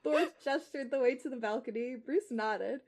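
A woman's voice: sits high, moderate pace, a little mellow. A young woman podcast co-host reading fan fiction aloud and chatting animatedly, full of fillers.

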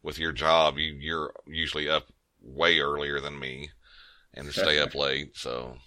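A man's voice: extremely low pitch, little pitch movement, unhurried, bright, forceful tone, dry recording. A man co-hosting a podcast in casual chat, rambling with frequent restarts. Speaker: podcast co-host.

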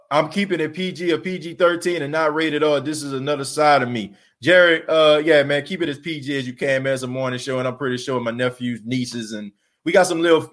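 Worn out from an overnight shift, this man hosts a solo sports podcast and rants with fire, repeating rhetorical questions and using casual slang. His mid-range voice has a fairly bright tone.

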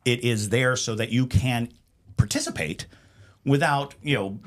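A man co-hosting a casual chat, joking and filling pauses with ums and uhs. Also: medium pitch. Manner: joking, animated, trails off with fillers. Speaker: podcast co-host.

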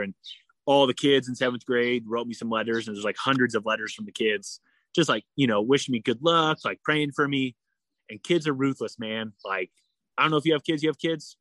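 A man telling a story in a casual interview, animated and full of "like", acting out what people said. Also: mid-range voice, brisk, dry recording. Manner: animated, heavy use of "like", acts out quoted dialogue. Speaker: guest.

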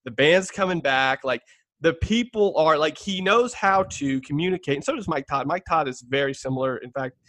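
A man co-hosting a casual talk show, chatting in an animated way and laughing often. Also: a little high, moderate pace, dry recording. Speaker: podcast co-host. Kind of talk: casual conversation about preaching.

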